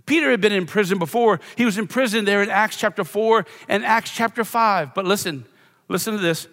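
A man's voice: high voice, a little fast, a bit bright. A middle-aged man from Louisiana, a pastor preaching a sermon with a self-deprecating, playful personal story. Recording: long reverb of a church hall.

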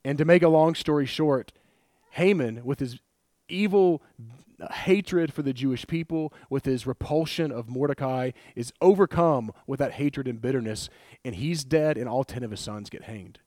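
A man preaching a sermon in a conversational, animated way, laughing often and retelling scripture with acted quotes. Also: mid-range voice, normal speed, no room sound, studio quality.

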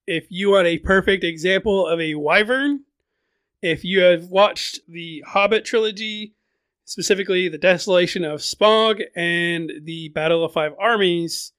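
A man's voice: sits high, a bit bright, no room sound. A man casually recapping a fantasy book on his podcast, chatty, often repeating words and adding fillers.

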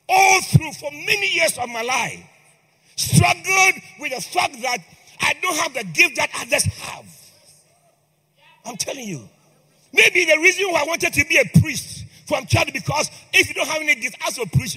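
High, bright-voiced man preaching a sermon. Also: expressive, moderate pace. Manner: impassioned, calls on the congregation to respond. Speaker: priest. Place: church. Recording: long hall reverb with faint music.

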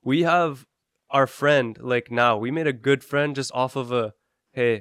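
A man from Canada co-hosting a podcast, chatting in a relaxed way and often saying "man". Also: mid-range voice, a little slow, smooth, dry recording, clean studio sound. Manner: relaxed, chatty, says "man" and "bro" a lot. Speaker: podcast co-host. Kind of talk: casual chat.

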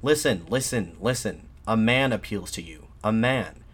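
A man voicing a defiant nationalist addressing soldiers from a balcony, in an impassioned, shouted pleading manner. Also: fairly low pitch, lively intonation, a little slow, slightly rough. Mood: fervent, shouting.

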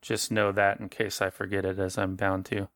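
A man's voice: deep voice, completely flat delivery, normal speed, fairly bright tone, slight background noise. A man narrating as game master for a tabletop horror game, casual and rephrasing as he goes. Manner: conversational, restarts and rephrases.

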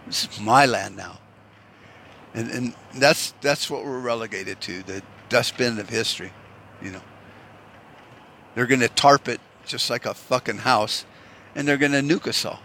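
A man's voice: medium pitch, normal speed, pushed and bright, slight background noise. A man from the United States in a profane, rambling political rant, swearing often and restarting his sentences.

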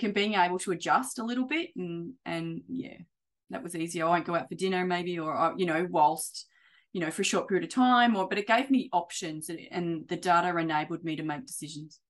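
A woman chatting casually as an interview guest, acting out quoted conversations in an animated way. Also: fairly low pitch, fairly quick. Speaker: property investor client.

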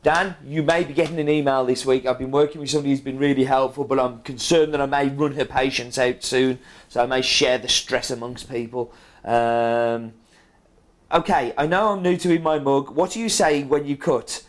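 A man's voice: medium pitch, steady tone, moderate pace. A middle-aged man with a strong British accent, chatting casually as he reads out viewer comments, with plenty of ums and uhs. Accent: British English. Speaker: coffee roaster reading viewer comments. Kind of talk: casual chat.

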